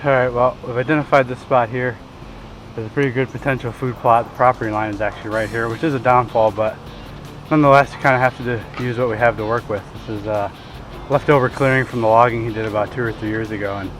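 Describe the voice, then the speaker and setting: This hunting show host narrates a casual outdoor vlog in a plain-spoken, easygoing, self-deprecating way. His medium-pitched voice is a bit bright and fairly even in intonation, and he talks quickly. The rough recording has soft music in the background along with clear road and outdoor noise.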